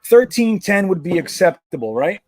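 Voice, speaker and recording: A high-pitched man with a darkish tone hosts a casual live stream about football, his voice swinging widely in pitch at a moderate pace. The recording is dry, and he rambles and jokes with plenty of swearing.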